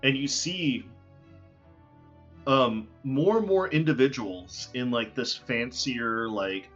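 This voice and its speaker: A man's voice: mid-range voice, slow, fairly bright tone. Casual man narrating a tabletop game. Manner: casual, filler-heavy narration. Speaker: game master. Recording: dull lo-fi recording with faint music.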